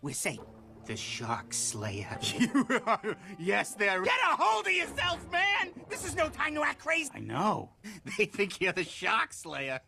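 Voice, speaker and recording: A boastful, jittery fish talks fast with a bright, tense tone and a gravelly edge. His pitch leaps all over the place. Faint music plays behind. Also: very animated, full character voice. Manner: nervous, quick and jokey.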